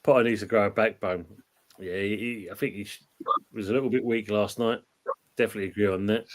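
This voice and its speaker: A man hosting a casual livestream, reading chat comments aloud in a relaxed way. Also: on the low side, fast. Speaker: show host reading live chat.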